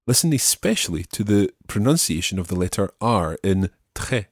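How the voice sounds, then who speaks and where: A man teaching a language podcast lesson with a very low, slightly husky voice. He explains patiently and methodically, slowing down to model words, recorded dry in a studio. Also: sing-song, no echo.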